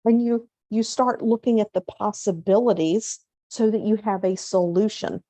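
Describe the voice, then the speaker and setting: Middle-aged woman coach talking casually, mellow voice, dry close sound, slows way down on the big points. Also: mid-range voice, no room sound. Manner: conversational, acts out inner self-talk in quotes; slows down to stress key points. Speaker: hypnotherapist and coach, show host. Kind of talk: casual motivational talk.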